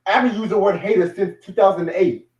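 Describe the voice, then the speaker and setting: Husky-voiced young man, casual profane podcast host. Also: high-pitched, fast. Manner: blunt, animated, laughs often, swears freely. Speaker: podcast host and music reviewer. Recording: dull lo-fi recording.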